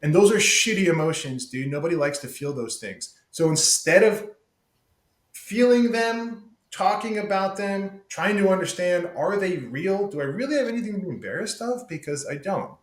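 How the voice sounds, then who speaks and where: A man's voice: high-pitched, normal speed. Profane, emphatic man in an echoey room. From United States. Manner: profane, emphatic, says "dude" a lot. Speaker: podcast guest. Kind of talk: casual candid conversation.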